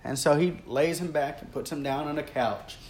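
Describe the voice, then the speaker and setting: A man preaching a sermon, telling a story earnestly and swinging between rising intensity and hushed, quiet stretches. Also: moderate pace. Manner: earnest, builds in intensity and then drops low and quiet.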